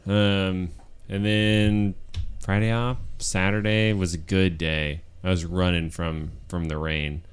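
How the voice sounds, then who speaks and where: A man in casual podcast chat, recapping his riding week in a laid-back, halting way. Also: sits low, little pitch movement, smooth.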